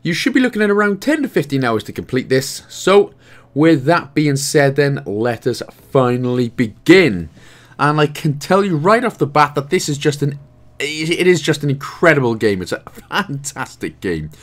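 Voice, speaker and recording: A man's voice: a little high, big pitch swings, normal speed. A Welsh man hosting a game walkthrough, chatting casually with jokey asides while explaining the controls. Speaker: gaming guide host.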